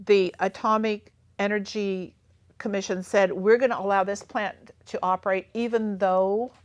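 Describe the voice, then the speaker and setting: A woman speaking as an activist guest, earnestly explaining in detail with the odd hesitation. Her pitch sits in the middle, and the recording is dry and close. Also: fairly even intonation, moderate pace, no echo. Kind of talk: casual interview chat.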